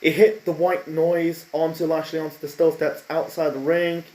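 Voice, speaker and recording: A man's voice: fairly high pitch, level tone, normal speed, darkish tone. A man giving a casual spoken review, rambling and opinionated with lots of fillers and restarts. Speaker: wrestling show reviewer. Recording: echoey room.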